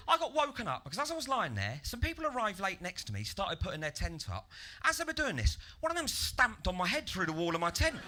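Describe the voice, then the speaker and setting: A man performs stand-up on a club stage into a handheld mic. His voice is high and piercingly bright, with big swings in pitch. He moves from dry deadpan to shouty rants. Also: a little fast, a little hiss or hum. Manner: deadpan setups that burst into loud, ranting act-outs. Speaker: stand-up comedian. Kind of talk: stand-up comedy set.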